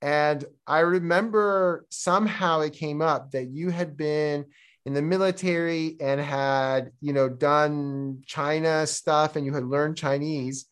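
A man in his forties from Toronto, Canada, with a Canadian accent, a podcast guest who tells stories quickly and laughs at himself. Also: fairly high pitch, steady tone, clean tone. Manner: self-deprecating, laughing, quick storytelling. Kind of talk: casual interview chat.

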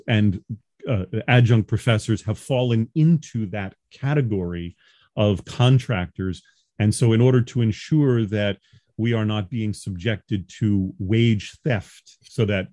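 A man's voice: on the low side, dark tone, no echo, studio quality. A man in his forties from Long Island, an adjunct professor talking as a guest over a video call, earnest and explanatory, laughing easily. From Long Island, New York. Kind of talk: casual interview talk.

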